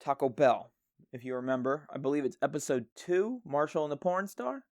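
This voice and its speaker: A man hosting a podcast, going on a profane solo rant with a handheld microphone and jumping into loud, high-pitched outbursts. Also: big pitch swings, fairly quick, no echo, clean studio sound. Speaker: podcast co-host.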